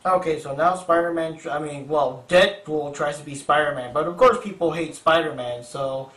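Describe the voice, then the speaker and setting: A man's voice: fairly high pitch, normal speed, fairly bright tone. A young man hosting a casual improvised comic book review, talking in a chatty, rambling, playful way. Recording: roomy echo, distant mic.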